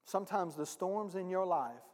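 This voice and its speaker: A man's voice: high voice, expressive, normal speed, darkish tone. A male pastor preaching a sermon, emphatic and speaking directly to his congregation. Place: church sanctuary. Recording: long reverb of a church hall.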